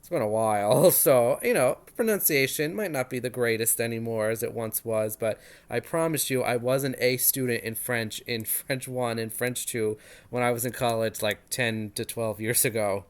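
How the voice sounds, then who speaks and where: A man's voice: mid-range voice, moderate pace. Man, 30s, casual review host; enthusiastic, chatty, pokes fun at himself. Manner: chatty, self-deprecating, enthusiastic.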